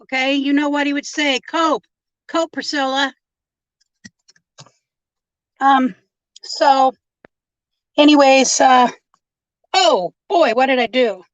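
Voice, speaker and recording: A woman's voice: high voice, takes it slowly, pauses often, dry recording, muffled recording. A woman rambling in casual live-stream chat from inside her car, greeting viewers by name.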